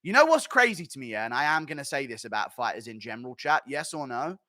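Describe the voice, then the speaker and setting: A man's voice: mid-range voice, sing-song, fast talker, bright, forceful tone, no echo. A man ranting in casual commentary, profane and mocking, often laughing at his own jokes. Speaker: MMA commentator and streamer.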